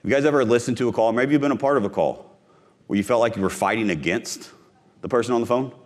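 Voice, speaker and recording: A man's voice: medium pitch, fast talker. A man from Missouri giving a live conference talk on sales, punchy and direct, repeating his key phrases and speaking straight to the audience. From Missouri, USA.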